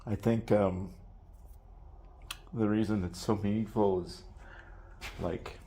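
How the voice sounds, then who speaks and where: A man's voice: fairly low pitch, steady tone, slow pace, warm tone. A man earnestly telling his personal story in a casual, reflective way, often trailing off and restarting.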